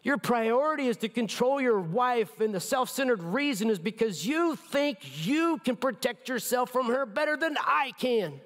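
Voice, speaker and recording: A male pastor preaching a sermon with emphatic delivery that drops to a hushed near-whisper in tender moments. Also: very high voice, expressive, moderate pace, hardly any pauses, big-room sound. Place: church sanctuary.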